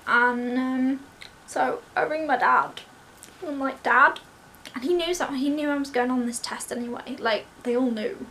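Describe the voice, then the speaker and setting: A young woman, telling a story in an excited, breathless rush and acting out what everyone said. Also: high voice, moderate pace, slight background noise. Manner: breathless, gushing, acts out quoted voices. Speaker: vlogger.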